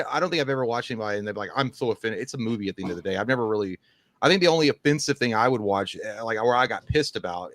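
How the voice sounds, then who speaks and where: A man co-hosting a live stream, reading viewer messages aloud in a loose, rambling, profane, joking way. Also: mid-range voice. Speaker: co-host reading super chats. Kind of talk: casual live-stream chat.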